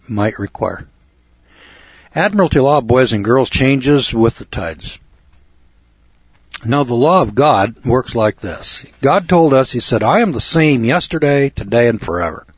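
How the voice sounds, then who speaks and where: A man's voice: mid-range voice, slightly rough, no room sound. A man giving an emphatic, preachy lecture on law, addressing his listeners as boys and girls and repeating words for weight. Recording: dull lo-fi recording.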